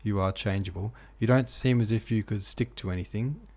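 A man reading aloud and voicing a frightened, ill young woman who speaks hoarsely and pleads. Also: lowish voice, a little fast, darkish tone. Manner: clingy, fearful pleading.

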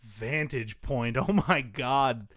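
A man's voice: medium pitch, fairly bright tone, dry recording, clean studio sound. Joking man hosting a podcast. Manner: laughing, joking, quick asides. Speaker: podcast host. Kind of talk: casual banter.

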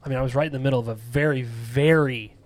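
A man's voice: medium pitch, quick pace. A man hosting a casual movie podcast, joking and jumping between topics. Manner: joking, animated, jumps around. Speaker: podcast host.

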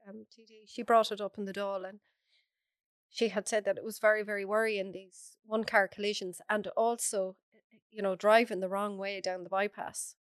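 An Irish woman with a hoarse, bunged-up voice, talking openly and bluntly as an interview guest. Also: medium pitch, level tone, normal speed, dry recording, clean studio sound. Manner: frank, chatty, laughs often. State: hoarse from a cold. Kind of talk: casual interview chat.

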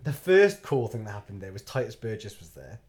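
Guy on a podcast telling a story, keeps laughing and going up high when excited. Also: fairly quick. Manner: animated, laughs often, jumps into high-pitched excited outbursts. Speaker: podcast guest, actor. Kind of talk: casual storytelling chat.

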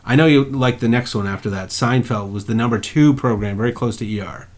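A man's voice: medium pitch, brisk. A man co-hosting a podcast in casual, profane chat, rambling about old movies and TV shows. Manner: profane, rambling, acts out movie scenes with loud voices. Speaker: podcast co-host.

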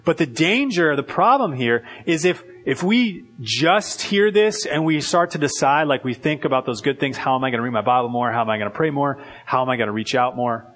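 A man preaching a sermon as pastor, in a loose conversational way full of "like" and quick restarts. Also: medium pitch, lively intonation, a bit bright.

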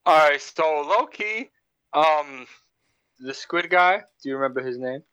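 A man's voice: on the high side, animated, a little slow, bright, forceful tone, clear, resonant tone, no room sound, highs cut off. A man co-hosting a casual podcast, laid-back and swearing casually as he chats. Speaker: podcast co-host. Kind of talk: casual chat.

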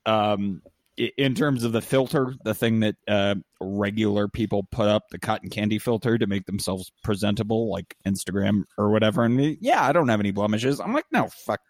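A man's voice: on the low side, fairly quick, no echo. A man hosting a podcast, talking in blunt, profane, rambling casual chat. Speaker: podcast host.

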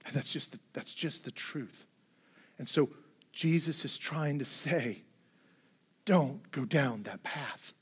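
A man preaching a sermon in an earnest way, swinging between hushed, low passages and emphatic, louder ones. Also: expressive, measured pace, pauses often, slightly rough. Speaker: pastor.

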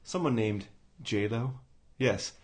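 A man's voice: fairly low pitch, slow pace. A man hosting a casual podcast, ranting with lots of swearing and mockery. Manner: animated, swears a lot, mocking. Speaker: podcast host. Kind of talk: casual profane rant.

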